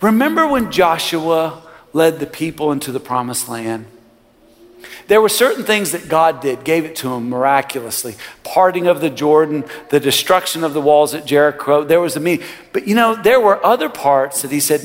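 A man's voice: on the high side, expressive, moderate pace. Man preaching in a reverberant church. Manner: preaching with sudden loud rises and quiet drops. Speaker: pastor. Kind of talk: sermon. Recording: long hall reverb.

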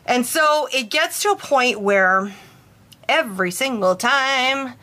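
A young woman who works with brides casually telling a story about a spirit, animated and full of "like" fillers. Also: on the high side. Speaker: bridal stylist and medium.

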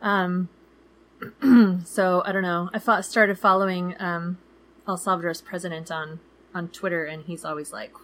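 A woman's voice: on the low side, flat delivery, unhurried, fairly bright tone. A woman in her thirties co-hosting a travel podcast in casual chat, talking loosely with many fillers and acting out people she quotes. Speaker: podcast co-host.

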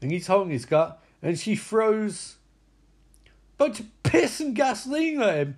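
Man, high voice, excitable, swearing, casual film recap. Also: moderate pace. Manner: excitable and profane, frequent exclamations.

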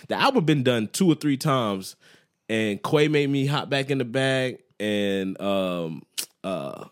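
A man's voice: medium pitch, takes it slowly. A man, a musician guest, chatting casually on a podcast and telling loose, slang-heavy stories. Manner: relaxed, slang-heavy storytelling.

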